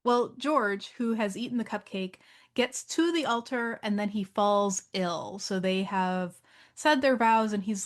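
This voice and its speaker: A woman co-hosting a podcast in casual chat. She recaps a film plot with animated storytelling and laughs easily. Her voice sits at a middle pitch. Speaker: podcast co-host.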